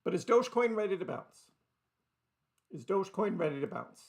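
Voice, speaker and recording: A man with a fairly high voice and a gravelly, crackly edge hosts a loose live market stream. He rambles in a chatty way, laughs often and speaks to viewers in the chat by name. He talks into a desk microphone. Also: sing-song, normal speed. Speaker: crypto livestream host. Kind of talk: casual live market commentary.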